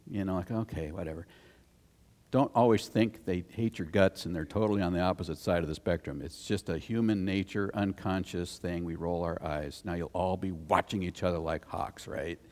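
A man's voice: lowish voice, a little mellow. A man, the pastor, preaching a conversational sermon that tells stories and rises into emphatic scripture reading. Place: church sanctuary. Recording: long reverb of a church hall.

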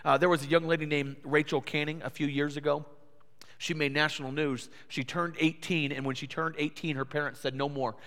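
A man preaching a sermon to his congregation, animated and lively, switching into different voices to act out how listeners react. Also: a little fast. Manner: animated, acts out listeners' voices with big pitch swings. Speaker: pastor. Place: church sanctuary. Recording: reverberant church hall.

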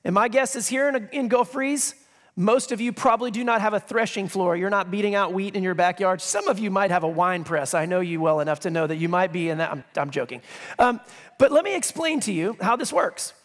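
A man's voice: sits high, fairly quick, fairly bright tone. A male pastor preaching a sermon in a conversational way, reading scripture with emphasis and dropping joking asides. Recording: long reverb of a large hall.

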